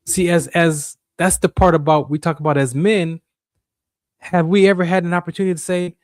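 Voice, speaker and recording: A man's voice: on the high side, steady tone, normal speed, no room sound, studio quality. A man hosting a radio show, giving an emphatic, repetitive faith talk monologue in a preacher-like way.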